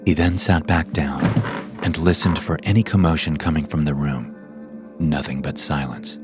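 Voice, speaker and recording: A man narrating a first-person horror story in a low, measured, tense way. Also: fairly even intonation, music in the background.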